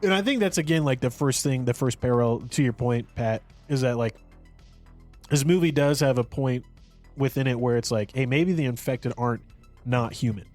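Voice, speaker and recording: A man's voice: mid-range voice, moderate pace, a little mellow, soft background music. A man co-hosting a podcast, reviewing a movie in casual, rambling chat full of fillers and restarts. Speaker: podcast co-host.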